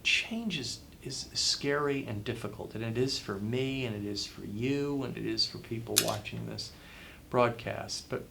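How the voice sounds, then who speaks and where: A man's voice: medium pitch, measured pace, creaky, hardly any pauses, pushed and bright, a little hiss or hum. A man being interviewed as a guest author, giving advice in an emphatic way and repeating phrases for effect. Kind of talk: interview answers, motivational advice.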